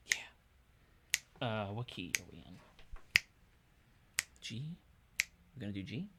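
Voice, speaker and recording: A man's voice: lowish voice, vocal fry, heavy background noise. A man hosting a casual livestream, upbeat and chatty with his viewers, chuckling often. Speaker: streamer and musician.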